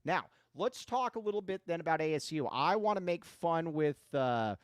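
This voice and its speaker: A man's voice: on the high side, expressive, moderate pace, clear, resonant tone, no room sound, studio quality. A man hosting a live sports talk show, chatty and self-deprecating.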